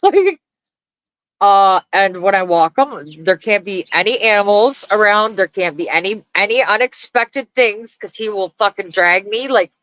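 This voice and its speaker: A woman's voice: mid-range voice, dry recording. Blunt, profane woman ranting on a vlog. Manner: blunt, profane, animated, laughing often. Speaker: vlogger. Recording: dry, dull lo-fi sound.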